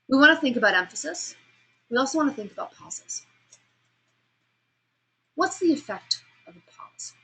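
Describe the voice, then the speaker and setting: A woman lecturing a class on vocal delivery, asking students questions and demonstrating sounds, pace and pauses herself. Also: on the high side, creaky, fairly bright tone, slightly rough, low-quality recording. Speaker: speech instructor.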